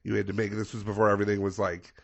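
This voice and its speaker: A man's voice: on the low side, rapid-fire, vocal fry. A man co-hosting a podcast, telling a long story casually and animatedly, acting out the people in it with plenty of swearing. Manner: animated storyteller, acts out quoted people, profane. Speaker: podcast co-host.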